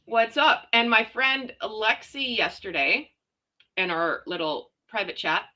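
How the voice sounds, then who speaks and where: A woman's voice: medium pitch, slow, sharp tone, poor audio. A woman hosting a chatty livestream, reading viewer comments in a sarcastic, emphatic way. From United States. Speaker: host.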